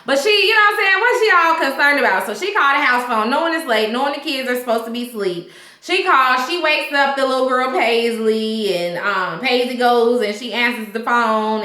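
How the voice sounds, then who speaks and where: A woman's voice: a little high, moderate pace, pushed and bright, reverberant. A woman giving a casual recap of a TV episode, chatty and slangy, often saying "you know what I'm saying". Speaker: TV show reviewer.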